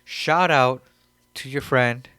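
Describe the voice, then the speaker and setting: A man's voice: mid-range voice, slow, pushed and bright, clean tone, dry recording, studio quality. A man co-hosting a comedy podcast in casual chat, laid-back and rambling, with plenty of fillers. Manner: laid-back, rambling, quotes others in mock voices. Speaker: podcast co-host.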